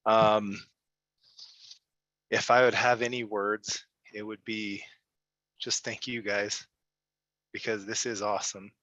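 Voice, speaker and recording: A man joins a casual members' video call and thanks the group with heartfelt words. His voice is lowish and tense-bright, and the sound is very dry. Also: level tone, slow pace, pauses often, no echo, muffled recording. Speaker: community member.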